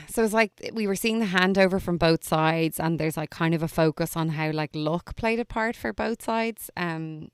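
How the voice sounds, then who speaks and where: A woman's voice: low-pitched, smooth, dry recording, studio quality. A woman co-hosting a podcast, chatting casually and with amusement as she recaps a crime series, with plenty of "like" and "um". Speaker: podcast co-host.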